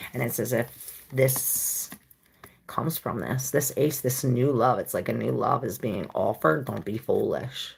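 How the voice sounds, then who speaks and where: A woman with a very deep, heavily gravelly voice gives a casual tarot reading. She rambles loosely, with plenty of fillers, and chats straight to her viewers. A faint hiss sits under her voice. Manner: chatty, talks to viewers directly. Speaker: tarot reader.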